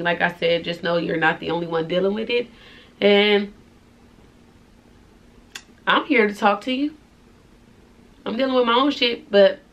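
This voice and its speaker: Tearful young woman in a confessional vlog. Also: medium pitch. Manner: soft-spoken, heartfelt, informal slang. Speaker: vlogger.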